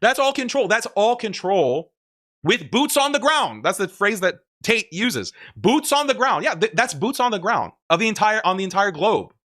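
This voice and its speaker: A man talks through clips on a stream in casual, argumentative commentary. He is emphatic and laughs often, with a fairly high voice. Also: very animated, normal speed, fairly bright tone.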